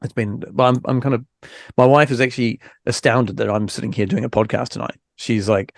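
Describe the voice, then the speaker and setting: Gravelly man hosting a podcast. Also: mid-range voice, steady tone, brisk, dry recording, studio quality. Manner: frank, rambling, many fillers and restarts. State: recovering from illness, low energy. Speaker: podcast host. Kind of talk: casual podcast chat.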